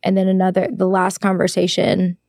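A woman's voice: lowish voice, completely flat delivery, a little fast, a little mellow, dry recording, studio quality. A woman as a podcast guest, answering plainly in casual interview talk.

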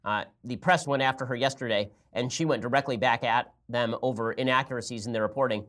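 A man's voice: mid-range voice, quick pace, fairly bright tone. A man hosting a podcast, talking at length in a conversational, explaining way. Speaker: podcast host. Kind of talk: political commentary podcast.

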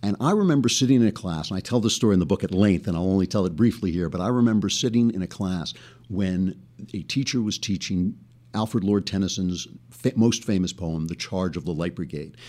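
A man hosting a podcast monologue, an animated storyteller with chatty asides who breaks into laughs mid-sentence. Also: low-pitched, brisk. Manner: recites poetry with rhythmic, dramatic emphasis. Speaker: podcast host.

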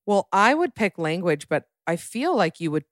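Chatty woman podcast host, low voice. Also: big pitch swings, dry recording, clean studio sound. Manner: bubbly, chatty, quick bursts. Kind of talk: casual chat.

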